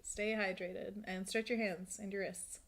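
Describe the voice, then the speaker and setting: A woman's voice: mid-range voice, level tone, measured pace, a bit bright. A woman chatting casually while drawing on a live stream, rambling and laughing often, seated at a desk at home.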